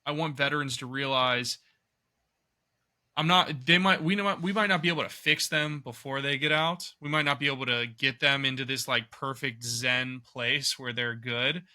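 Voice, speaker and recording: A man's voice: medium pitch, normal speed, pushed and bright. A man from the United States, a guest on a podcast, speaking in an earnest, reflective way. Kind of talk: podcast interview.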